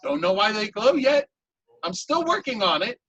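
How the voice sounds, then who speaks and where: A man voicing a small, excitable male otter shopkeeper who repeats his words eagerly. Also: sits high, normal speed, slightly rough, dry recording, dull audio, exaggerated voice.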